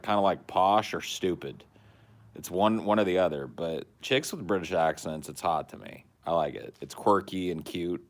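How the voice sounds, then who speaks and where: A man co-hosting a podcast, talking bluntly and crudely in casual chat. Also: low voice. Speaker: podcast co-host.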